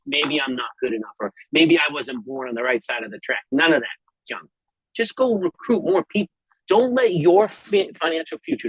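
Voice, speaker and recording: A middle-aged man with a husky, slightly breathy voice delivers a preachy motivational talk to a group call. He is emphatic and repetitive, and he keeps pausing to ask "okay?" The sound is dry and close, with no room around it. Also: a little high, a bit bright, no echo, rough recording. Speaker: network marketing leader speaking on a group call.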